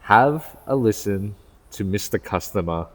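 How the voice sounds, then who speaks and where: Low-voiced young Aussie co-host, reverby room. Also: male voice, lively intonation, measured pace. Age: 20s. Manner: blunt, joking, laughs often. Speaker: podcast co-host, car salesman. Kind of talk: casual chat.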